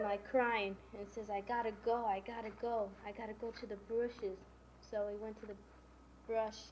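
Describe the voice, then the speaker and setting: A woman casually retelling the plot of a novel, stringing events together with "and then" and "you know". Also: medium pitch. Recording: dull lo-fi recording with faint hiss.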